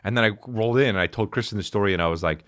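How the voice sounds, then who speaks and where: A man's voice: fairly low pitch, racing, a bit bright. A man and podcast host telling a funny story with lots of swearing, acting out the people in it. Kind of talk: comic storytelling.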